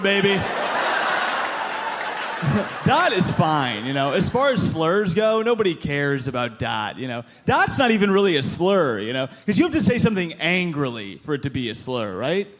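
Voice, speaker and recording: A young man delivers a stand-up set in a wry, sarcastic tone, talking into a handheld mic. His pitch bounces around a lot and sits a little high. Big audience laughter and club noise fill the room around him. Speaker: stand-up comedian. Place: comedy club stage. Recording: live broadcast set with crowd laughter.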